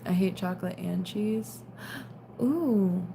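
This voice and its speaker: A woman's voice: on the low side, a little slow, noisy background. A young woman casually chatting on a late-night livestream, reading out viewer comments and sounding tired. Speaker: livestream host.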